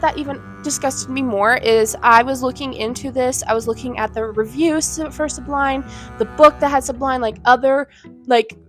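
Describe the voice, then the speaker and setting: A woman in her twenties giving a heated, indignant rant to camera, blunt and swearing. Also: sits high. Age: 20s. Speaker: vlogger. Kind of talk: ranting commentary to camera. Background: faint background music.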